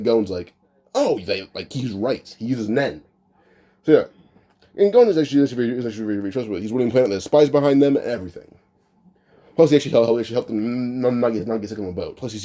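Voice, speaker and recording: A man with a very dark, mellow voice improvises a fan storyline in a loose, chatty way. He rambles, restarts his sentences and leans on filler words as he goes. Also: medium pitch, expressive, very fast. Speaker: anime what-if storyteller. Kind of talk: casual improvised retelling.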